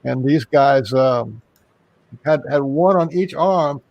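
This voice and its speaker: Gravelly-voiced man telling a rambling story. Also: medium pitch, takes it slowly, no room sound, dull audio. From Texas. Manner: rambling, with frequent restarts and fillers. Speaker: guest. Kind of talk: casual storytelling in an interview.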